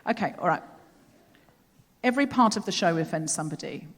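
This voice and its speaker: A woman's voice: on the low side, lively intonation, a little fast. A woman hosting a live comedy podcast on a theatre stage, telling rambling, self-deprecating stories. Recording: long theatre reverb.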